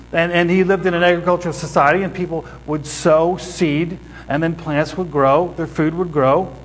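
A man's voice: fairly high pitch, low-quality recording. A man preaching a sermon to a congregation, explaining scripture as a teacher and putting questions to his listeners. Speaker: pastor. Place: church before a congregation.

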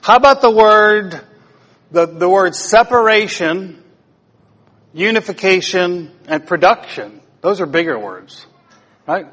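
Playful pastor in echoing hall. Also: male voice, sits high, expressive, takes it slowly, fairly bright tone. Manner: playful, quizzes the congregation. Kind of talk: interactive sermon. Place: church.

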